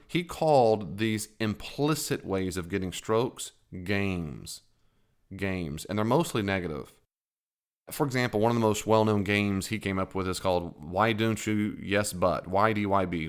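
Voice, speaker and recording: A middle-aged man giving a casual talk about psychology, animated, laughing at his own jokes and acting out quotes in a higher voice. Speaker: psychology teacher.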